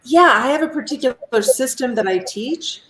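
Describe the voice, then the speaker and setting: A woman from Ohio who teaches mindful movement, answering interview questions over a video call in a measured, thoughtful way. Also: sits high, animated, noisy background. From Ohio, United States. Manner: measured, thoughtful, with pauses and fillers. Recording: roomy echo.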